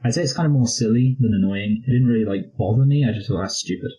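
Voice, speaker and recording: A man's voice: mid-range voice, quick pace, mellow, low-quality recording. A young man with a rambling, jokey manner, co-hosting a casual movie review chat. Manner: rambling, jokey, slips into posh impressions. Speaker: co-host of a movie review show.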